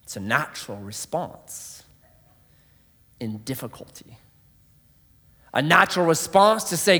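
A man preaching a sermon, telling a story dramatically, dropping to a hush and rising loud. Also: fairly high pitch, very animated, measured pace, pauses often. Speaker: pastor. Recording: long hall reverb.

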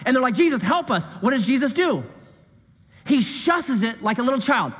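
Male pastor, high lively voice, slightly husky, preaching in a reverberant hall. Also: normal speed. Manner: animated, drops to a hushed voice for emphasis. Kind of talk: sermon. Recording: echoey hall.

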